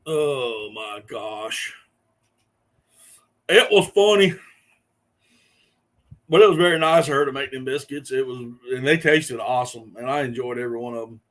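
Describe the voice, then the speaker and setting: A man's voice: medium pitch, brisk, hardly any pauses. A middle-aged man, hosting a casual live stream and telling rambling stories to his viewers with frequent chuckles. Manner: rambling storyteller, chuckling often.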